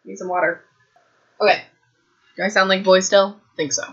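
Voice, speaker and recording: Chatty woman with a bright voice. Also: medium pitch, level tone, moderate pace, breathy edge, highs cut off. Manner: chatty, rambling, self-deprecating asides. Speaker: podcast host. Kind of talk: casual book recap podcast. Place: home room. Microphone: desk mic.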